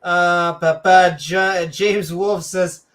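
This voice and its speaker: A woman's voice: lowish voice, steady tone, drawn-out words. A woman co-hosting a casual livestream chat, joking and sarcastic, with mock-announcer asides. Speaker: podcast co-host.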